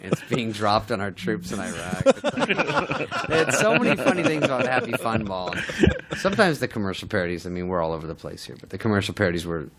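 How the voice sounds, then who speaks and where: A man's voice: lowish voice, very animated, a little fast, crowd noise. A middle-aged man telling comic stories on a podcast, swearing and mimicking people as he laughs along. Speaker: podcast guest, comedian. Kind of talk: casual storytelling chat.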